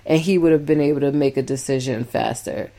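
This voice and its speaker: A woman co-hosting a couple's podcast, telling her side with animated, emphatic storytelling. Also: very deep voice, a little fast. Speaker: podcast co-host. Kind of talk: casual couple's podcast chat.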